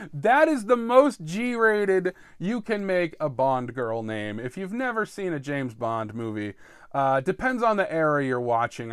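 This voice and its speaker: A man hosting a comedy podcast, riffing through an improvised monologue with frequent ums, jumping between loud asides and low mutters. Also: clean tone, dry recording, studio quality. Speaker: podcast host.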